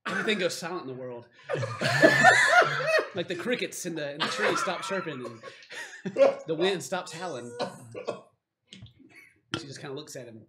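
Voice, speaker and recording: A man's voice: fairly high pitch, expressive, moderate pace, long pauses, very noisy. A man narrating as game master of a tabletop game, rambling with lots of fillers.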